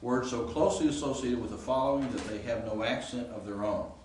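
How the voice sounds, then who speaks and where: A man teaches a Greek grammar class in a brisk, medium-pitched voice, explaining the rules, questioning students and relying on fillers. A little hiss or hum accompanies the echoey, distant-mic classroom recording.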